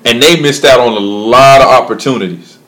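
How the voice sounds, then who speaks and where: A man's voice: medium pitch, a little fast, a bit bright, rough recording. A man from North Carolina, co-hosting a casual chat and rambling with frequent restarts and laughs. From Charlotte, North Carolina. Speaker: podcast co-host.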